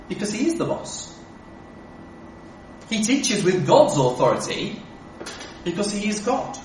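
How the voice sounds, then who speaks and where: A man's voice: on the high side, a little hiss or hum. A man preaching a sermon, emphatic and full of rhetorical questions. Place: church. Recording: echoey church from a distance.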